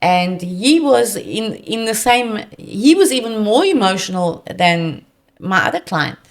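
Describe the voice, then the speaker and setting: Gravelly-voiced South African woman. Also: mid-range voice, measured pace. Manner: earnest, animated client anecdotes. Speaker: debt counsellor guest. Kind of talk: conversational storytelling.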